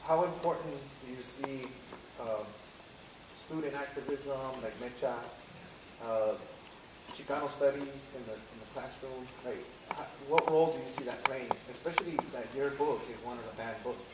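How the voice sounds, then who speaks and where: A man asks an author his questions, pausing and hesitating as he goes. The voice sits away from the mic in a roomy, echoing space with clear background noise. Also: medium pitch. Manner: hesitant, halting delivery of questions. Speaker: interviewer. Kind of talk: interview questions. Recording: echoey room, distant mic, noisy ambience.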